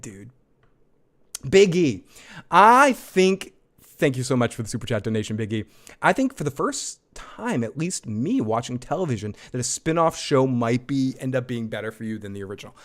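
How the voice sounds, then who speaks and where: Excited rambling man on a live stream. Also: on the high side. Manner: excited, rambling, swearing, frequent restarts. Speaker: show host reviewing a TV episode live. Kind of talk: casual live-stream chat.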